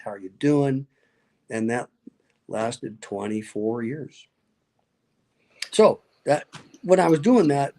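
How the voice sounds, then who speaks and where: A man's voice: mid-range voice, a little mellow. A middle-aged man, a pastor, telling stories in an interview, acting out quoted voices and laughing often. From Nevada. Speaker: guest, pastor and speaker. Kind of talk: animated storytelling interview.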